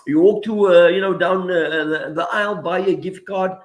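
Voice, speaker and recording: Speaking at a normal speed in a voice that sits high, this man is the regular guest on a radio segment giving reflective commentary. His manner is earnest and a little preacherly; he uses Arabic phrases and walks through ordinary, everyday examples.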